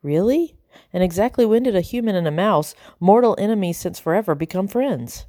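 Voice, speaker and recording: A woman's voice: mid-range voice, lively intonation, normal speed, dark tone, dry recording, clean studio sound, pitched above the performer's own voice, lightly acted. A woman voicing a shy, nervous female mouse who stammers with fear. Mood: skeptical. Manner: shaky, stammering.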